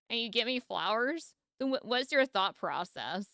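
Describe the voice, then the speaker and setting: A woman's voice: fairly high pitch, expressive, moderate pace, hardly any pauses, sharp tone, no room sound, clean studio sound. A woman streaming a casual reaction, chatty and rambling, with frequent giggles and restarts.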